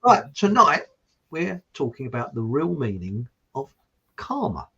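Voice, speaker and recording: A man's voice: mid-range voice, huge pitch swings, measured pace, creaky, lo-fi sound, a crowd in the background. Chatty man with an estuary English accent. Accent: Hertfordshire estuary English. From Hertfordshire, England. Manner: chatty, rambling, laughing often. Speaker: host. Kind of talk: casual chat.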